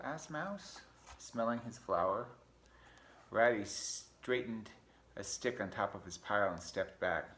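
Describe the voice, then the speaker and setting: A man reading a picture book aloud to children, relaxed and chatty, pausing to talk about the pictures. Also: lowish voice, a little hiss or hum. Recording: echoey room.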